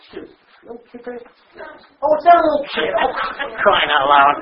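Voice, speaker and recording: A man's voice: extremely high pitch, sing-song, moderate pace, a crowd in the background. A man speaking to a recovery group in a blunt, conversational way, questioning his listeners and now and then cussing. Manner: conversational, asks the audience rhetorical questions. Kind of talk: personal share to a group. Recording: dull lo-fi recording.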